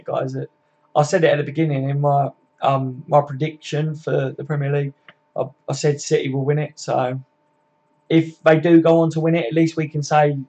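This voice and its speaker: A man's voice: mid-range voice, a little mellow, breathy edge, highs cut off. A man hosting a casual live football chat, reading and answering viewer comments by name, swearing freely and laughing often. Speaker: livestream host.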